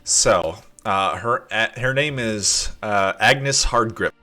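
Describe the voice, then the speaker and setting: Low, bright-toned male game master. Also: takes it slowly, faint music behind. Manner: relaxed, filler-heavy. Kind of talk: running a tabletop game.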